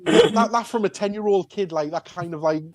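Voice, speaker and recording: A man's voice: sits high, normal speed, dry recording, clean studio sound. A man, a convention organiser talking casually on a podcast, rambling with lots of restarts and fillers. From North East England.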